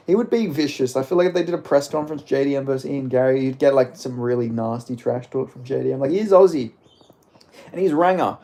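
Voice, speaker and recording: A man's voice: medium pitch, fast talker, dark tone. A man livestreaming and answering chat, mumbly and rambling, with lots of "like", into a phone set down a bit. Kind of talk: casual live stream chat.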